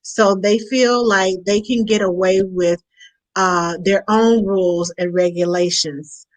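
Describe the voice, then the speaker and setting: A woman's voice: mid-range voice, steady tone, low-quality recording. A woman hosting a casual live chat, reading viewer comments aloud and stumbling over names. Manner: reads names haltingly, apologetic.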